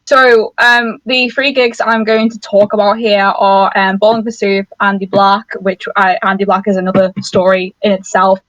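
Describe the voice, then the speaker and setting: A woman's voice: mid-range voice, fairly even intonation, normal speed, hardly any pauses, a bit bright, no room sound, lo-fi sound. A young woman from Merseyside co-hosting a podcast, telling a gig story in a chatty, casual way. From Merseyside, England. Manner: chatty, easily amused, many short backchannels. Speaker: podcast co-host. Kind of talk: casual chat.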